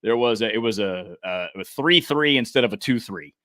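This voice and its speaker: A man's voice: on the low side, lively intonation, normal speed, pushed and bright, dry recording, clean studio sound. A man in his forties co-hosting a casual show, telling a story and acting out the quotes, laughing easily. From Arizona. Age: 40s. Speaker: podcast co-host.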